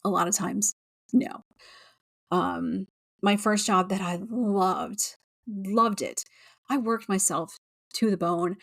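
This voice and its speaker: A woman's voice: mid-range voice, takes it slowly, gravelly, long pauses, dry recording, studio quality. A woman in her forties, a podcast host, speaking candidly and frankly in a rambling personal monologue with frequent fillers and restarts, near tears at times and swearing freely.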